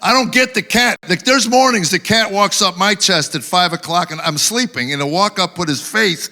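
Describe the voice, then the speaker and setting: A man doing stand-up on an awards show stage, spinning wry stories about home life. His voice is bright and sits a little high. He slips in quick character voices for his punchlines. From Tennessee, USA. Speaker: stand-up comedian. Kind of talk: live stand-up routine.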